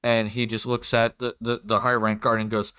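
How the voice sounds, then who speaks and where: A man's voice: fairly low pitch, level tone, brisk, sharp tone, clear, resonant tone, no room sound. A man narrating as game master in a casual way, muttering to himself while he searches his files.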